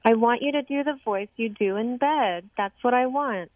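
A woman's voice: fairly high pitch, normal speed, no echo, phone-quality sound. A young woman teasing her boyfriend playfully on a radio prank call.

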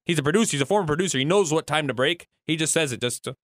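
A man co-hosting a sports radio show, animated and playfully complaining on a studio mic. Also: a little high, rapid-fire, dry recording. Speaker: radio co-host and executive producer. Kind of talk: casual sports radio chat.

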